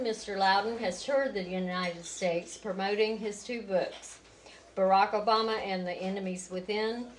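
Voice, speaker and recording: A woman's voice: medium pitch, slight background noise, poor audio. A woman introducing a guest speaker, reading a formal introduction with occasional stumbles.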